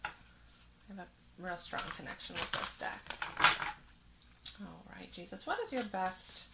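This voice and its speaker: A woman giving a spiritual tarot reading in a gentle manner, reading card verses aloud and laughing softly now and then. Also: on the low side, measured pace, gravelly, heavy background noise. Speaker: tarot reader.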